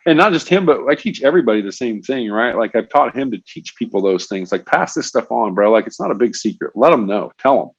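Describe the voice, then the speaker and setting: Fast-talking man on a dull lo-fi line. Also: medium pitch, breathy edge, dry recording. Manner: animated storyteller, frequent "bro" and "man". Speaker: guest, fishing industry professional. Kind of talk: casual podcast interview. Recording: dull lo-fi, dry sound.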